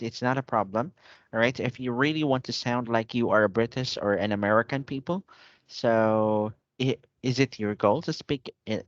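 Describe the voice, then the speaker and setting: A man's voice: medium pitch, dry recording. Patient male English tutor on a call. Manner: patient, repeats and checks with "okay?". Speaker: English teacher. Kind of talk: online English lesson. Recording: dull lo-fi online call audio.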